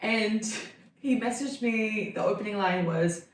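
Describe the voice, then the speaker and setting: A woman's voice: mid-range voice, unhurried, far from the mic. A woman in her thirties tells a chatty, rambling story to a close friend and fills her talk with "like." She sits back from the mic. The room is very echoey. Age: 30s. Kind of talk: casual chat.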